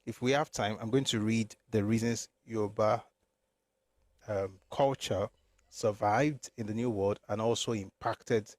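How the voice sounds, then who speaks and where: A man's voice: on the low side, fairly even intonation, a little slow, no room sound. A man hosting a live discussion, who reads aloud from a history book and stops to stress key figures. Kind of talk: casual talk and reading aloud from a book.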